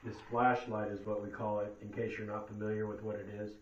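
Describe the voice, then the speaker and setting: Male ghost hunter, calm and patient, coaxing; far-off camera audio in an echoey room, muffled. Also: fairly low pitch. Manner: calm, coaxing, explains slowly to spirits. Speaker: paranormal investigator leading an EVP session. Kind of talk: casual ghost-hunt session talk. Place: old hotel room at night. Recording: echoey, distant, dull, faint hiss.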